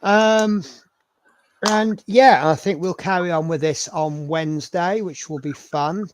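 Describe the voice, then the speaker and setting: A man's voice: on the high side, fairly even intonation, moderate pace, a little hiss or hum. A man hosting a live model-building stream, chatting in a rambling, self-mocking way. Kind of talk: casual live-stream chat.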